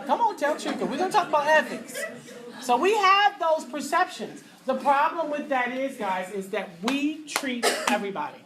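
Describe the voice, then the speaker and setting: A middle-aged woman teaching a physical therapy class, lively and joking, acting out little voices and asides as she lectures. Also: fairly high pitch. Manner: animated, acts out voices and asides, laughs often. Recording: faint background noise.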